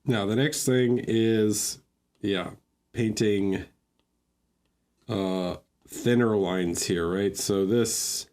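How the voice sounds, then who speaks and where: A man giving relaxed, think-aloud feedback on miniature painting during a livestream, chatting with viewers as he goes. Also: lowish voice, very slow. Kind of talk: casual livestream critique.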